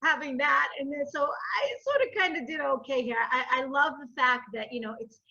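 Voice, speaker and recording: A woman from Latin America hosting a podcast in casual, expressive chat, often hedging with "sort of kind of". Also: high-pitched, fairly quick, creaky. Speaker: podcast host. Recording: dull lo-fi audio.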